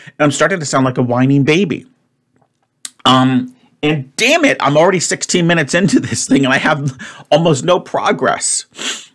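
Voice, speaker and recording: A man solving a word puzzle out loud, thinking aloud and muttering to himself. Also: fairly high pitch, lively intonation, moderate pace. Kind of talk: solo puzzle-solving commentary.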